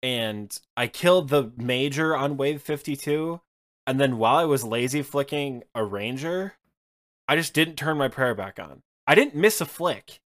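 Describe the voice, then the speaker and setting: A man co-hosting a casual gaming podcast, telling stories in an animated way, laughing and swearing now and then. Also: mid-range voice, a little slow. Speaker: podcast co-host. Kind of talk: casual chat about a video game.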